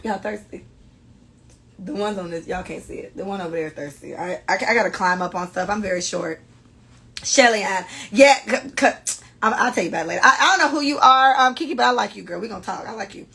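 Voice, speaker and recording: Woman host with a gravelly, fried edge, blunt and profane, casual podcast storytelling. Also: medium pitch, brisk. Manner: blunt and profane, animated commentary. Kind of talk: casual podcast chat, reading listener stories aloud.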